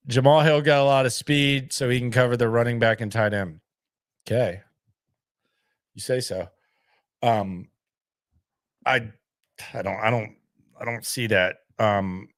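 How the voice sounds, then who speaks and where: A sports channel host answers viewer comments in a casual, blunt, and skeptical way, often repeating himself. His voice is medium-pitched, captured in a dry, studio-quality recording.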